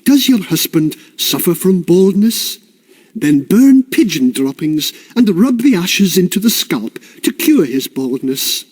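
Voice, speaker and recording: A man's voice: high-pitched, sing-song, unhurried, a little mellow, husky, exaggerated voice. Folksy old village wise woman, rambling and homely, voiced by a man. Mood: chatty.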